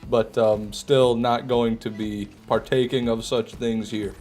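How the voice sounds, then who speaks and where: A man's voice: medium pitch, level tone, a little slow, darkish tone, faint music behind. A young man from Michigan with a Michigan accent, casually commentating a game stream and bantering with his chat in a joking, mock-indignant way. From Michigan, USA.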